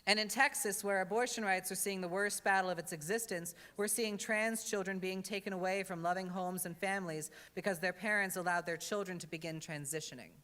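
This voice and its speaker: Woman drag entertainer, wry conversational address, bright clear tone, reverberant church hall. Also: mid-range voice, fairly even intonation, fairly quick, few pauses. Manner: wry, conversational, earnest with comic asides. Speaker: drag entertainer giving a talk in a worship service. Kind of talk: comic then earnest address. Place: church sanctuary.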